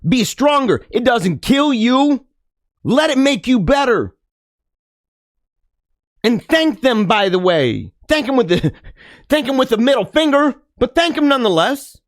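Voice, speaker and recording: A man delivering an impassioned monologue to his listeners, preachy and dramatic, laughing often and swinging from loud to hushed. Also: very high-pitched, no room sound, studio quality. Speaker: podcast host.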